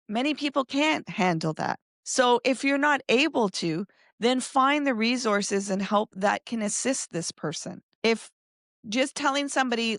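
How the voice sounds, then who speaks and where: A woman's voice: mid-range voice, no echo. Female wellness guest, reflective and earnest, mid-range voice, dry close-mic sound. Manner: earnest and reflective, speaks in flowing explanations. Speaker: guest, somatic and nervous system specialist. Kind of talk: casual conversational interview.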